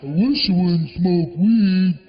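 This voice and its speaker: A man's voice: sits high, slow, long reverb tail, voice pushed down. A man voicing an earnest, preachy talking pet dog that pleads solemnly, heard on a dull lo-fi live recording.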